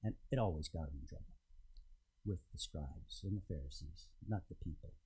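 A man preaching a sermon to a congregation, retelling a scripture story in a conversational, storytelling way with emphatic pauses. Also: a bass voice, dark tone, slightly rough, rough recording. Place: church in front of a congregation.

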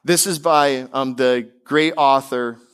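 A male pastor preaching a sermon, emphatic, with casual, conversational asides between declarations he slows down and lifts. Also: fairly bright tone, smooth. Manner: slows and climbs in pitch on key declarations.

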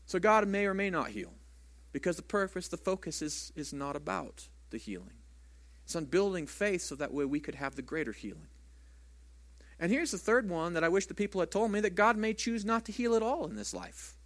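Conversational pastor preaching, slightly high voice. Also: male voice, expressive, a little fast, a bit bright. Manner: conversational preaching with rhetorical questions. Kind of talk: sermon.

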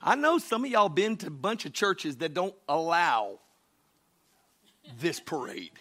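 A man, a pastor preaching a sermon, swinging between shouted exhortation and quieter teaching. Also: on the high side, big pitch swings, measured pace.

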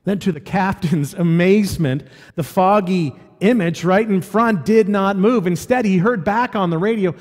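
Male preacher, high voice, chatty sermon full of questions, long hall reverb. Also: moderate pace, darkish tone. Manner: conversational, asking the audience questions.

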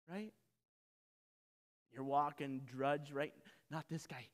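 A man preaching a sermon in an animated, conversational way, joking with his congregation. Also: fairly high pitch, slow, pauses often, in a large hall. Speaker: pastor.

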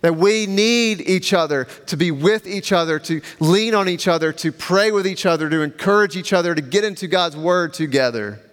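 A man preaching a sermon as pastor, measured and emphatic, slowing down for repeated refrains and leading a prayer. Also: sits high, fairly bright tone, long reverb tail.

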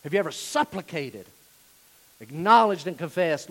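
A man with a fairly high voice delivers a sermon in a church sanctuary. He talks to the congregation directly, then swells into fervent, loud stretches before dropping back to a near hush. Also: moderate pace, rough recording. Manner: animated preaching, swinging from hushed to loud. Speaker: pastor.

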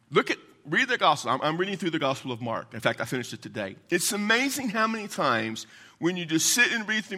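An animated male pastor preaching a sermon, his voice climbing and dropping sharply as he drives each point home. His tone is bright and forceful, and he poses questions to the congregation and answers them himself, slipping into quick asides before his voice falls to a hush. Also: fairly high pitch, husky. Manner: emphatic, call-and-response questions; rapid asides, voice swings from loud to hushed.

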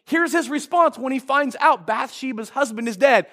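A man's voice: extremely high pitch, normal speed, fairly bright tone. A male pastor preaching a sermon, retelling a story and acting out the quoted lines, often restarting his phrases.

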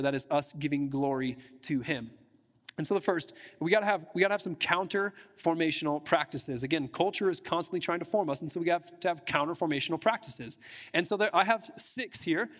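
A man's voice: on the high side, a bit bright. A man preaching a sermon to his church in a casual, chatty way, with frequent restarts and filler words. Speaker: pastor. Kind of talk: conversational sermon. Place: church sanctuary. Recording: long hall reverb in a church.

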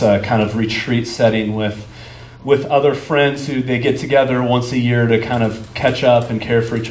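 A man's voice: lowish voice, darkish tone, a little hiss or hum. A man preaching a sermon as a pastor, talking conversationally and stopping for fillers as he searches for words. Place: church sanctuary. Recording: echoey room with faint ambience.

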